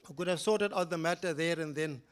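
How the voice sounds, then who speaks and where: Speaking briskly in a lecture hall, an older South African man gives a public talk that unfolds a case as a story. He alternates between loud, emphatic climbs and soft, low remarks on the side.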